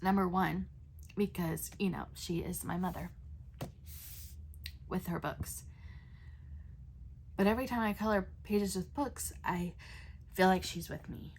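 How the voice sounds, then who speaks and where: A woman's voice: on the low side, steady tone, unhurried, long pauses, darkish tone. Woman chatting about coloring pages at home, lots of ums and restarts, faint hiss behind her. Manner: chatty with frequent fillers and restarts. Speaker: coloring channel host. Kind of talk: casual chat.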